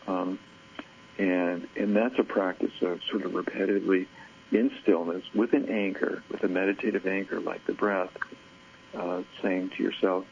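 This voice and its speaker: Gravelly low-voiced man, halting and soft. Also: flat delivery. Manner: soft-spoken, halting, many fillers and restarts. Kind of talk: reflective talk on self-compassion. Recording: dull lo-fi audio with faint hum.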